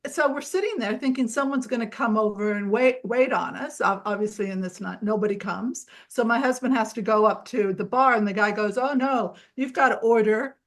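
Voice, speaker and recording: This podcast co-host has a mid-range voice and talks a little fast with few pauses. She tells stories in casual chat and acts out the voices of the people she quotes.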